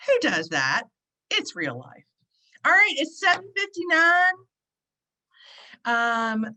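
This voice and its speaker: Bright, excitable woman hosting a video call. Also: medium pitch, poor audio. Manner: chatty, excitable, lots of fillers. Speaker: host of an online gathering. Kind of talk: casual chat. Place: at the beach, indoors.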